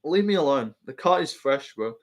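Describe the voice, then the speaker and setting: A man's voice: medium pitch, lively intonation, moderate pace, muffled recording. A young man in his twenties with an Australian accent hosting a casual live stream, reading comments in a joking, laid-back way full of slang and swearing.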